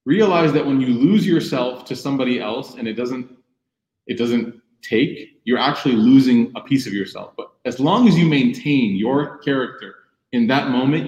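A young man giving a sermon, telling personal stories lively and acting out the voices in quotes. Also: medium pitch. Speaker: Muslim speaker giving a talk. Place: room with audience. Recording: echoey room.

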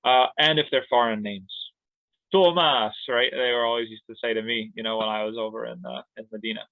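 A man's voice: mid-range voice, little pitch movement, quick pace, creaky, no room sound. A man teaches a grammar lesson in a playful, joking manner. His voice comes through a thin, phone-like line. The sound is dry, with no room around it. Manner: playful, jokey explanations with laughs and siren sounds. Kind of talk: online class lesson.

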